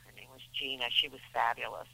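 A woman's voice: extremely low pitch, steady tone, fast, gravelly, sharp tone, husky, rough recording. A middle-aged woman, an actress guest in a radio interview, talking in a chatty, rambling way with many restarts.

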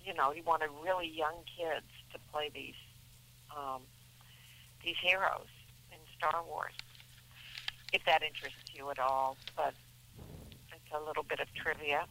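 A woman's voice: deep voice, steady tone, unhurried, pauses often, bright, forceful tone, slight background noise, poor audio. A middle-aged woman, an actress guest in a radio interview, talking in a chatty, rambling way with many restarts.

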